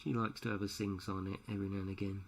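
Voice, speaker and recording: Speaking very fast in a low, flat voice, this man streams live from his home at night, painting a model and joking around with his audience. His headset mic picks up a little hiss or hum, and he's chatty and quick to laugh.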